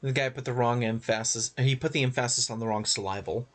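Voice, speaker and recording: A man's voice: medium pitch, fairly even intonation, quick pace. A man casually joking and bemused while streaming a video game. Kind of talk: casual chat over a game.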